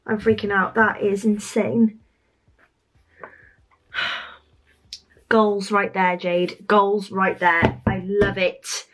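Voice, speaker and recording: A young woman gushing with excitement as she opens parcels in a casual vlog, full of fillers and exclamations. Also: mid-range voice, extremely slow, long pauses, a little hiss or hum. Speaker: stationery vlogger. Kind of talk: unboxing vlog.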